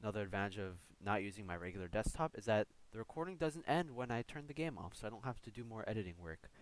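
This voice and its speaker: A man's voice: fairly low pitch, lively intonation, quick pace. A man casually commenting on a game he is playing, rambling, joking at his own expense and swearing now and then. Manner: rambling, self-mocking, swears. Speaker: let's-play host. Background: game music.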